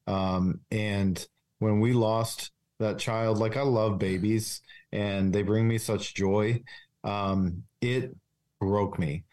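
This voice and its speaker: A police officer speaking as a guest in a candid interview, earnest and confessional, with many restarts and fillers. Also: male voice, on the low side, steady tone, slow pace, a little mellow.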